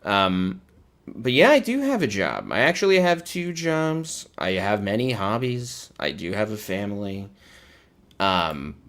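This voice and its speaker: A man giving sarcastic, profane commentary while streaming. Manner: swears freely, lively pitch swings.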